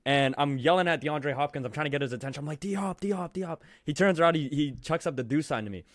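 A young man co-hosting a podcast, telling stories in an excitable, rambling way. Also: on the high side, dry recording, clean studio sound. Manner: excitable, fast rambling storyteller. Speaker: podcast co-host. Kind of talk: casual chat.

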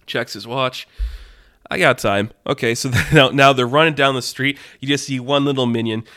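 A man hosting a podcast, telling a story in a casual, animated, rambling way with lots of fillers. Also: mid-range voice, fairly quick, no echo, clean studio sound. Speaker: podcast host.

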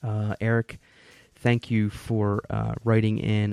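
A man's voice: on the low side, completely flat delivery, takes it slowly, vocal fry, hardly any pauses, dark tone, smooth, faint music behind. A man co-hosting a casual podcast, reading out listener mail and laughing often. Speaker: podcast co-host. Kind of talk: casual chat.

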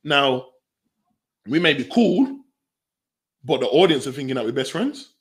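A man, speaking as a researcher guest in an animated conversation, full of slang and acting out the voices of people he quotes. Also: medium pitch, a little slow. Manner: slangy, acts out quoted voices, bursts into laughter. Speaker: youth violence researcher and guest.

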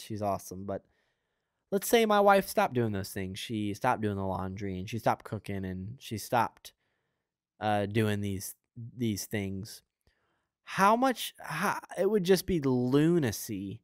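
Smooth-voiced man preaching casually. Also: medium pitch, no room sound, studio quality. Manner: earnest, conversational, rambling with fillers. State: has the hiccups. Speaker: podcast host and preacher. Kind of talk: casual spontaneous Christian teaching.

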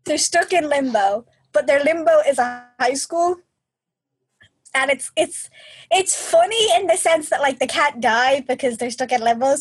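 A woman co-hosting a podcast in a casual chat, chatty and animated as she retells a story. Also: high-pitched, unhurried, no echo, low-quality recording. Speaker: podcast co-host.

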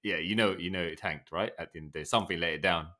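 A man's voice: low-pitched, rapid-fire, pushed and bright. A man co-hosting a podcast, chiming in casually with reactions and jokes. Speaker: podcast co-host. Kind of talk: casual chat.

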